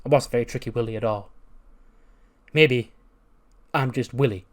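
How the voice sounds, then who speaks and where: A man's voice: medium pitch, moderate pace, lightly acted. A man voicing an eager, boastful young male wrestler in a wrestling game playthrough, rambling and self-hyping. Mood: hyped.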